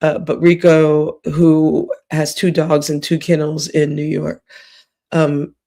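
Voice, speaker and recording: A woman's voice: sits low, little pitch movement, slow pace, creaky, mellow. A woman livestreamer with a cracking voice, giving rambling, gossipy late-night commentary with whispered asides.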